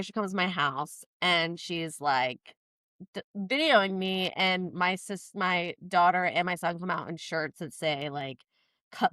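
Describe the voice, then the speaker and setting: A woman co-hosting a podcast, telling a personal story in casual chat, animated and full of "like" fillers. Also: lowish voice, smooth, no room sound. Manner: animated, quotes herself in lively voices; frequent fillers "like". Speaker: podcast co-host.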